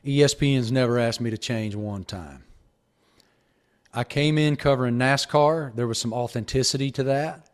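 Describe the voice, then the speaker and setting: A man's voice: mid-range voice, normal speed. Earnest Southern sports reporter, middle-aged man. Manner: earnest and emphatic, with frequent restarts. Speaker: sports reporter and host, guest. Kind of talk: reflective interview answer.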